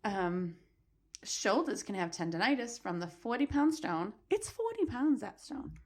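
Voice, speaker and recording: Excitable woman podcast cohost, voice swoops up and down, laughs a lot. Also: mid-range voice, measured pace. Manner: excitable, laughs often, reads facts aloud. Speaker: podcast co-host. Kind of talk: casual chat.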